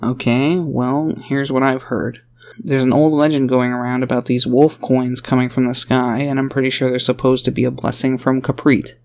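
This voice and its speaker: A man's voice: medium pitch, little pitch movement, normal speed, a little mellow, natural voice. Man reading a tired, defensive father. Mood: explaining. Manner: earnest, defensive and tender. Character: tired working father, loving but defensive.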